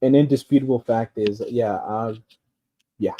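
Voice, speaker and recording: Speaking a little slowly, with a mid-range voice and fairly even intonation, a man rants casually. The delivery is loose, rambling and profane, dotted with fillers and laughs, and the lo-fi recording sounds dull.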